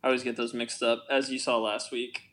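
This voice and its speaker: A man's voice: mid-range voice, level tone, brisk, fairly bright tone. Laid-back American man in podcast chat. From United States. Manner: laid-back, swears freely, chuckles. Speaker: podcast co-host. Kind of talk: casual film podcast chat.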